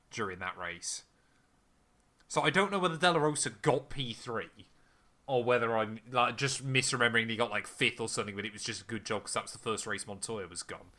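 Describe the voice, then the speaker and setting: A man's voice: medium pitch, pushed and bright. A young man co-hosting a casual podcast, thinking aloud with lots of ums while answering a quiz. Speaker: podcast co-host. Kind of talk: casual chat.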